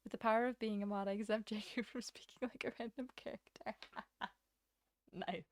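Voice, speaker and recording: A woman's voice: medium pitch, steady tone, fairly quick, no room sound. A woman in her twenties chatting casually on a livestream, rambling and self-deprecating, with frequent laughs. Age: 20s. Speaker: streamer.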